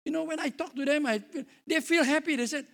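A man's voice: extremely high pitch, fast talker, vocal fry. A man preaching a sermon as pastor, jovial and telling stories with acted-out dialogue.

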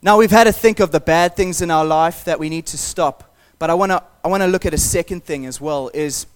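A man delivers a sermon in a relaxed, conversational tone. His voice sits a little higher than most men's. He talks earnestly and encourages his listeners. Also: a little fast, smooth. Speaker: pastor.

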